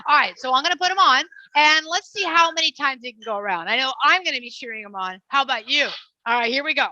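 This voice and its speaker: A woman's voice: high-pitched, expressive, fast talker, bright, forceful tone, no room sound, lo-fi sound. A woman presenting a live family show with trained parrots, coaxing and cheering the birds along.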